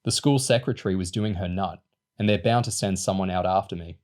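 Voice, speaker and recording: A man voicing a cheeky, hurried teenage boy. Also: low-pitched, darkish tone, close to an everyday voice.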